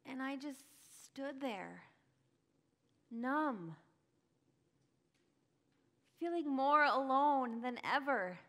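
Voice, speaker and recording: A woman's voice: expressive, extremely slow, pauses often, fairly bright tone, full character voice. A woman playing an earnest grieving follower. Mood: hushed. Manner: emotional, breathless storytelling, cries out in high bursts. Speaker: church dramatic monologue performer. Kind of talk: first-person dramatic monologue.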